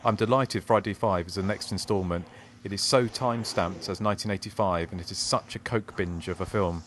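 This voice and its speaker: A man's voice: low voice, brisk, a bit bright, a little hiss or hum. A man hosting a podcast, chatting casually and reading listener emails aloud. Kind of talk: casual chat.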